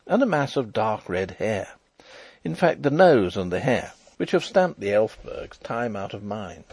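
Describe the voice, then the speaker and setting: A man narrating a classic novel as an audiobook, wry and expressive in his storytelling. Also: fairly low pitch, vocal fry, husky, no echo. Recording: dry close recording.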